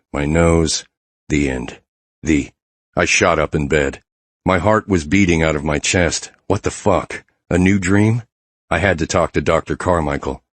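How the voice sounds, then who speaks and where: A man's voice: low voice, no room sound. A man narrating a romance audiobook in the first person, tense and introspective.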